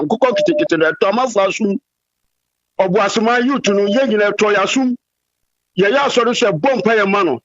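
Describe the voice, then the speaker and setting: A Ghanaian man with a high-pitched, emphatic voice talks politics on a radio show. The sound is dry and muffled, like a lo-fi broadcast. He speaks earnestly and pushes his points hard. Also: no echo.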